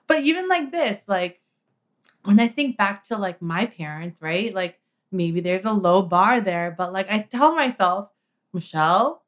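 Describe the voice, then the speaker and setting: A woman's voice: mid-range voice, lively intonation, measured pace, a bit bright. A woman in a casual chat, rambling with lots of "like" and "you know".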